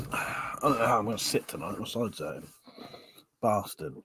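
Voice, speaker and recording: With a little hiss or hum in the background, a man hosts a laid-back home livestream, reading viewer comments aloud, bantering, swearing, laughing a lot and drinking as he goes. His lowish voice is expressive, unhurried, bright and forceful.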